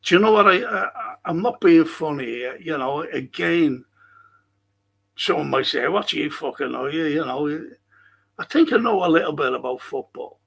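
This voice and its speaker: A man's voice: on the high side, expressive, normal speed, gravelly, a bit bright. A man hosting a football fan stream, ranting angrily and swearing in a rambling monologue. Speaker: football fan show host.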